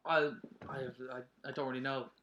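A man's voice: mid-range voice, level tone, fairly quick, a bit bright, muffled recording. A man, the script's writer, talking casually and repeating himself when unsure. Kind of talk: casual chat.

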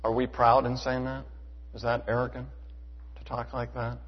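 Emphatic preacher in an echoing church. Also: male voice, mid-range voice, completely flat delivery, normal speed. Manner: emphatic, rhetorical questions, swings between loud and hushed. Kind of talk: sermon. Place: church sanctuary. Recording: dull hall reverb.

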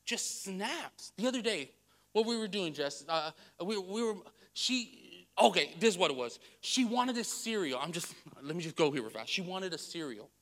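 A male pastor preaching a sermon, candid and self-deprecating, who tells stories with animated swings in his voice and laughs at himself. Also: high-pitched, moderate pace. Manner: storytelling with animated vocal swings.

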